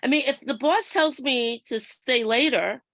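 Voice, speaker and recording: A woman trainer with a slightly high voice, talking slowly and deliberately as she explains each point. The sound is dry and close, with no room echo, as if heard over a video call. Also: fairly bright tone. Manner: measured, explanatory, acts out workplace examples. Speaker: workshop trainer. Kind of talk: instructional presentation.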